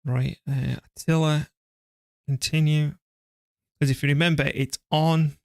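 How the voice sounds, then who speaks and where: This man's voice is a little high, steady, and gravelly, moving at a measured pace with long pauses in a dry recording. Streaming a strategy game live, he chats casually, makes fun of himself, and talks to his PC and the game while playing.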